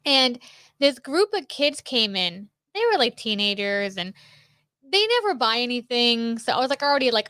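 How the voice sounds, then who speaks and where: A young woman in casual podcast chat with a high, bright voice. She tells stories quickly and animatedly, mimicking the people in them, and the recording is dry and close. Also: big pitch swings, no echo. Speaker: podcast co-host.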